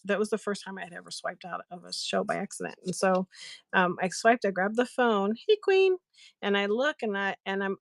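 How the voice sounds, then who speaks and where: A woman's voice: medium pitch, no room sound. A woman hosting a live craft stream, chatting and retelling a funny story to her viewers. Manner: chatty, giggly, animated retelling. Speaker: livestream seller host. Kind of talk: casual storytelling to live chat.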